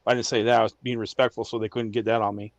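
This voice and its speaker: A man's voice: fairly low pitch, little pitch movement, very fast, no room sound, lo-fi sound. A man who is a former army drill sergeant, telling blunt, profane stories in a casual podcast chat.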